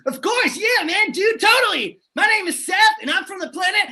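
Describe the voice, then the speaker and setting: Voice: very high-pitched, animated, normal speed, background noise. A performer playing Seth, a hyper male alien from another planet who hypes up boy bands and keeps a pet snake, talking brashly and swearing in a live improv comedy sketch. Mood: hyped. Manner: brash, shouty, swears, calls people man and bro. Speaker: interview guest in an improv sketch.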